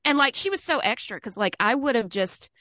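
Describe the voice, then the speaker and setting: A woman from Mississippi, co-hosting a podcast and telling a story in a chatty, animated way. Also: fairly high pitch, a little fast, no echo. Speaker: podcast co-host. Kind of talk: casual chat.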